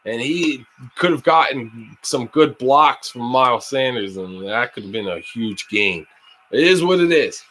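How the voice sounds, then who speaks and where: A young man hosting a livestream, casually reacting to a live football game, reading chat aloud and yelling at big plays. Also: mid-range voice, lively intonation, measured pace, a little hiss or hum, rough recording. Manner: casual, slangy. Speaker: livestream host.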